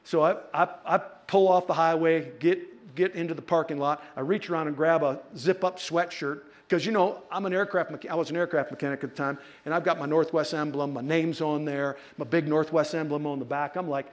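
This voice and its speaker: Animated man preaching with stories. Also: fairly high pitch, fairly quick, hardly any pauses. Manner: animated storytelling with playful asides to the congregation. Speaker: pastor. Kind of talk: sermon. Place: church.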